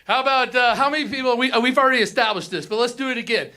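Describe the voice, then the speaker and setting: A man's voice: extremely high pitch, racing, bright, forceful tone. A young man from Colorado doing a crude stand-up comedy set on a theater stage, ranting and mimicking whiny locals.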